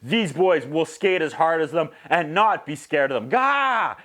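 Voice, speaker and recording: A man from Canada, casually recapping a movie as a reviewer, lively and mimicking sound effects. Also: fairly high pitch, normal speed. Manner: animated, mimics whistles and acts out quotes.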